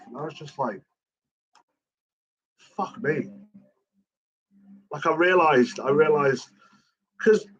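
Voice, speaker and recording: A man's voice: mid-range voice, breathy edge, rough recording. A man talking casually and emotionally about his late father, swearing a lot and rambling. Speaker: son of a late cartoonist, guest.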